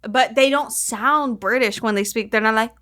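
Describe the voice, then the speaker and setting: A woman's voice: a little high, normal speed, a bit bright. A woman co-hosting a podcast, rambling and laughing through casual banter, with some swearing. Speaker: podcast co-host. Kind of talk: casual chat.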